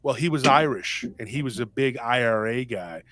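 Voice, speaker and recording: A man's voice: mid-range voice, lively intonation, normal speed, a bit bright, no echo. A man talking on a podcast panel in a rambling, emphatic way, with many restarts and asides. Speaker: podcast host. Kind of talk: casual panel talk.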